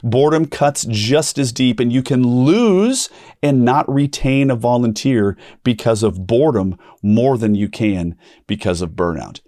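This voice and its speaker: A man's voice: a little slow, no echo, clean studio sound. A man hosting a ministry podcast, telling a story in a conversational way, restarting sentences and acting out the people he quotes. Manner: animated, acts out quoted voices with big pitch jumps; frequent restarts and repetition. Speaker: podcast host.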